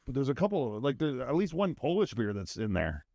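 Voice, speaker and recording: A man's voice: medium pitch, very animated, fairly quick, a little mellow, no room sound. A man co-hosting a casual drinking podcast, teasing his friend and laughing often. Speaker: podcast co-host.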